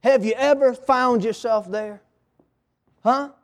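A male preacher delivers a sermon from the pulpit, spinning animal parables and pausing to ask the congregation for an amen. His voice is very high for a man, and he speaks in an easy storytelling manner. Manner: call-and-response, storytelling. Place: church.

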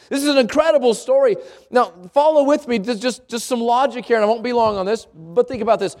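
A man with a very high voice preaches to a congregation. His scripture reading drops lower, and between verses he explains in his own words, repeating words as he goes and putting questions to his listeners. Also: quick pace, darkish tone.

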